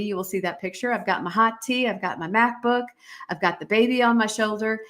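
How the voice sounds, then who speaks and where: A woman's voice: mid-range voice, a bit bright. A middle-aged woman from the United States hosting a live-stream podcast, talking in an emphatic, motivational way and greeting viewers. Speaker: podcast host.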